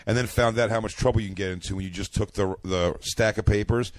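A man's voice: lowish voice, steady tone, fast, no room sound. A young man co-hosting a comedy podcast, telling stories and acting out what people said. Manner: storytelling, acting out quotes. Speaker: podcast co-host. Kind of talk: casual comedic chat.

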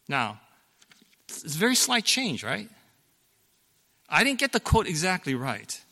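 Middle-aged male pastor, conversational sermon delivery, bright tone, church hall with a long echo. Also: on the high side, very animated, unhurried, long pauses. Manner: conversational, explanatory, with fillers and self-corrections.

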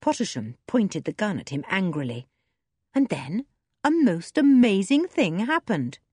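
A woman narrating a children's adventure book in an expressive reading voice. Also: mid-range voice, a little slow, breathy edge, no echo, clean studio sound. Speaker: audiobook reader. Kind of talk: storybook narration.

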